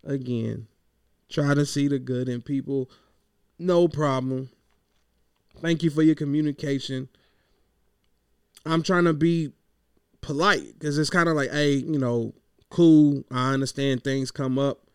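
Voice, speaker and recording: Gravelly, frustrated man venting. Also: mid-range voice, steady tone, unhurried, pauses often, darkish tone, dry recording, clean studio sound. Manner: frustrated, rambling, swears freely. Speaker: podcaster. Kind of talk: casual venting monologue.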